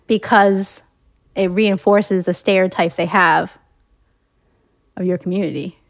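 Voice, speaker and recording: A woman co-hosting a casual discussion, speaking in a thoughtful, measured way and murmuring softly while she listens. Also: medium pitch, fairly even intonation, creaky, no echo, studio quality. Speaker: podcast co-host.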